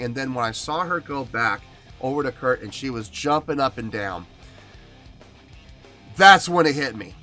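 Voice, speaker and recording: Earnest man with a bright voice. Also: mid-range voice, lively intonation, moderate pace, pauses often, soft background music. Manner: earnest, emotional, talking to camera. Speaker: music reaction host. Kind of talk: casual reaction commentary.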